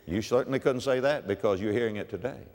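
An older man, a pastor, preaching a sermon with dramatic swings from emphatic peaks to low, quiet lines. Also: fast. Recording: long hall reverb.

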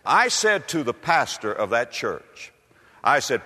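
Man preaching revival, fiery and dramatic, lively up and down voice, echoey church hall. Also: husky. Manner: dramatic, swinging from loud exclamations to hushed low lines; fervent, asks rapid rhetorical questions. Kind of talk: revival sermon.

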